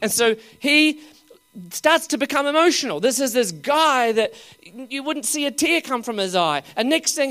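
Animated preacher. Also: high voice, clear, resonant tone. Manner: animated, humorous, often laughing, rhetorical questions; swings between loud exclaiming and dropping to quiet asides. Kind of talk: sermon.

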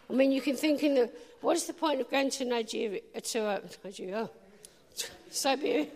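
A woman preacher telling a lively story in a sermon, laughing often and asking the crowd questions. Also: high voice. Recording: long hall reverb.

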